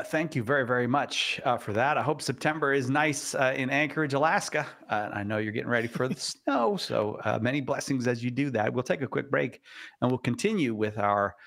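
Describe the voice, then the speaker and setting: A man hosting a radio talk show, chatting in a relaxed, joking way with plenty of filler words. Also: mid-range voice, vocal fry.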